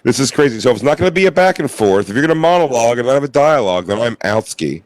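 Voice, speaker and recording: A man's voice: mid-range voice, expressive, rapid-fire, no echo. Profane joking male comedy co-host. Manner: profane, mocking, acts out quoted people. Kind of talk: casual comedic banter.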